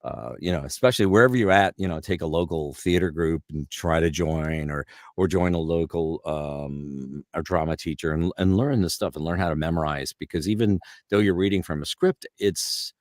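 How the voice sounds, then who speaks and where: Deep-voiced middle-aged man telling stories. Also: normal speed, few pauses, dry recording, clean studio sound. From Canada. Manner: animated anecdotes with lots of restarts and fillers. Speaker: guest voice actor. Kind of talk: casual interview storytelling.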